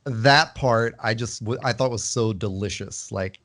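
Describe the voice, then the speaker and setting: A man co-hosting a podcast, talking casually and thoughtfully, often pausing and restarting his sentences. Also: mid-range voice, a bit bright. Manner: thoughtful, hesitant, many fillers and restarts. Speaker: podcast co-host. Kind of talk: casual book club discussion.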